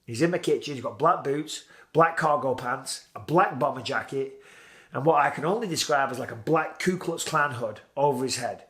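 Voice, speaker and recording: British man, forties, casual storyteller, vivid retelling, mid-pitched voice. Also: normal speed, a bit bright. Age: 40s. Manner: vivid storytelling, acting out his own past lines. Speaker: guest telling a story. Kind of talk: casual spoken anecdote.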